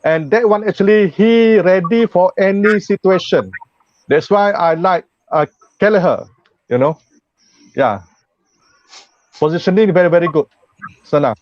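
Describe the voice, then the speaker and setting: Male panelist, broken halting speech, muffled call audio, dry. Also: sits high, darkish tone, dry recording. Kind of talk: casual panel discussion.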